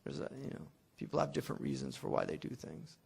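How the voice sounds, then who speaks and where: In a classroom lecture on classical logic, a man talks conversationally and digressively, using everyday examples and frequently restarting sentences amid fillers. His medium-pitched voice is husky and darkish with vocal fry, and he talks very fast and with great animation.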